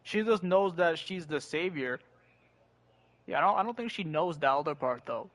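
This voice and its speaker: A man's voice: on the high side, animated, moderate pace, fairly bright tone. Laid-back slangy young male streamer. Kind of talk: casual gaming commentary. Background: game audio and music.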